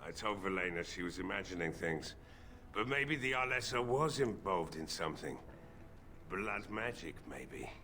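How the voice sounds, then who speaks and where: A man voicing a gruff, bitter old village blacksmith who is drunk, with a weary drinker's drawl, in a video game. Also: low-pitched, lively intonation, moderate pace, bright, forceful tone, a little hiss or hum, heavily acted. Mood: brooding. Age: older.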